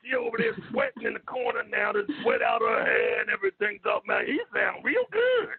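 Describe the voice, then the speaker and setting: A man co-hosting a call-in show, teasing the others loudly with brash jokes and stammering restarts. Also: sits high, big pitch swings, a little fast, a loud crowd. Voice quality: raspy, gravelly. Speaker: co-host. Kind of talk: loud joking radio banter. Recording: tinny phone line.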